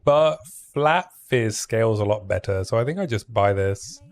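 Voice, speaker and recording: A man with a fairly low voice chats casually through a game stream, thinking aloud and reading out item numbers as he plays. The talk is loose and conversational, with easy asides to his chat. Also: animated, unhurried, darkish tone. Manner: thinks aloud, chatty, reads out item stats. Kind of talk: casual gaming stream commentary.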